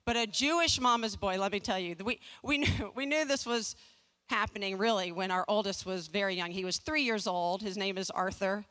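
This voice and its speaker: A woman in her forties from the American South speaks at a community fundraising talk, telling a funny personal story with comic timing and self-deprecating asides. Her mid-range voice moves at a normal speed with a fairly bright tone, and she restarts and repeats words as she goes.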